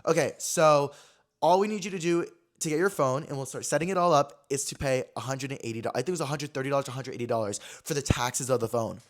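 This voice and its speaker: A young man hosting a casual talk show, telling a story in an animated way, acting out quotes and swearing freely. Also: medium pitch, fast talker. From California. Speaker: podcast host.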